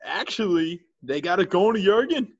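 A man chats casually as co-host while a fight plays, quick to react. His voice sits a little high. The audio is dry and dull, like a lo-fi call. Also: animated, no room sound. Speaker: podcast co-host. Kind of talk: casual chat over a live fight.

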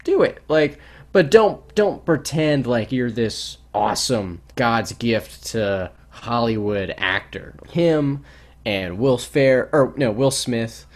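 A man co-hosting a podcast in casual chat, rambling and animated with many restarts. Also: mid-range voice, slow. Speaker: podcast co-host.

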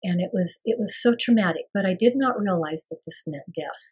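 Husky older woman, hushed earnest storytelling. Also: lowish voice, animated, brisk. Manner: soft and earnest, often sinking to a hushed near-whisper. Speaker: guest. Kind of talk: emotional personal storytelling.

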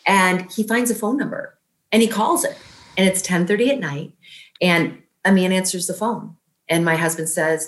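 A woman in her fifties telling an emotional personal story in an earnest, halting way, with many fillers, her voice rising when she quotes herself. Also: fairly low pitch, reverberant.

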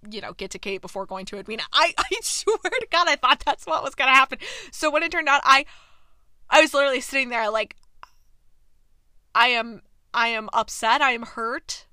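A young woman hosting a casual recap chat, animated and exasperated, tossing in quick quoted asides. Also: a little high, no room sound, studio quality. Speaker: podcast host recapping a TV episode.

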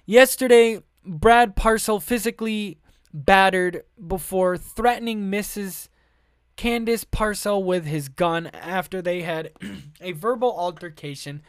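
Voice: medium pitch, unhurried, clean tone, no echo, studio quality. A podcast host who reads news articles aloud in a casual way, with many fillers, restarts, offhand asides and frank swearing. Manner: offhand asides between read passages.

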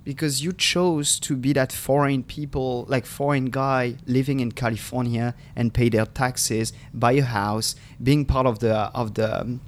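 A man in his thirties from France with a French accent, co-hosting a casual podcast chat, animated and swearing freely. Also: mid-range voice, unhurried, hardly any pauses, slight background noise. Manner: animated, swearing, restarts sentences. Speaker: podcast co-host.

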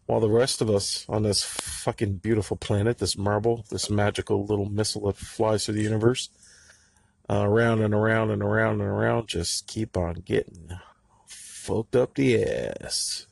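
A middle-aged man with a husky voice, ranting angrily and sarcastically with plenty of profanity in a podcast monologue. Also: fairly low pitch, flat delivery, moderate pace, dry recording.

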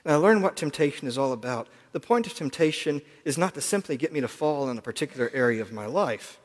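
A man's voice: fairly high pitch, expressive, fast. Earnest male preacher in a reverberant hall. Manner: reflective, earnest, drops to quiet asides. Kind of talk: sermon.

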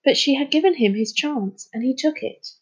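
A woman reading a children's novel aloud in an expressive storytelling manner. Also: high-pitched, moderate pace, rough recording. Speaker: storybook reader.

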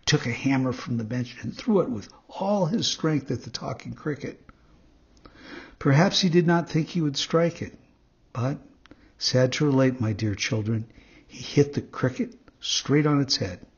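A man narrating a children's story in a steady, measured way, with a husky voice, on a dull recording. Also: mid-range voice. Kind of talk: scripted narration.

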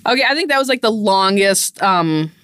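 A woman's voice: mid-range voice, animated, normal speed, fairly bright tone, clear, resonant tone, no room sound, clean studio sound. A woman co-hosting a podcast in casual, chatty conversation with a friend, laughing easily and poking fun at herself. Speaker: podcast co-host. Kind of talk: casual chat.

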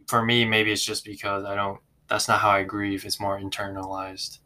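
A man's voice: fairly low pitch, monotone, normal speed, pushed and bright. A man in casual conversation, thoughtful and questioning, with many filler words. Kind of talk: casual chat.

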